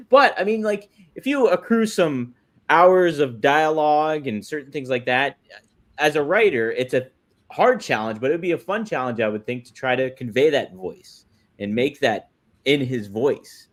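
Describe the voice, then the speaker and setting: Male co-host, relaxed and agreeable, middle pitch. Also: normal speed. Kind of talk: casual live-stream chat.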